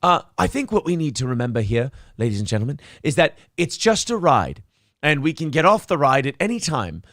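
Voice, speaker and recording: A man's voice: on the high side, sing-song, a little fast, a bit bright, dry recording, clean studio sound. A man hosting a casual comedy podcast, riffing mock stand-up jokes and laughing often. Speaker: podcast host.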